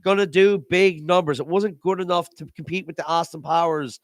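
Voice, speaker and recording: A man's voice: a little high, fairly even intonation, brisk, no echo, clean studio sound. A man hosting a podcast in casual chat, making his point emphatically and repeating words as he goes. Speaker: podcast host.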